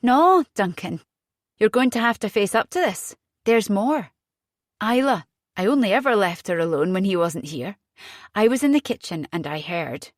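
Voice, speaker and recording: A woman reading an audiobook voices an agitated young mother, fierce and frightened, her voice jumping high when upset. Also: animated, moderate pace, dry recording, studio quality, close to an everyday voice.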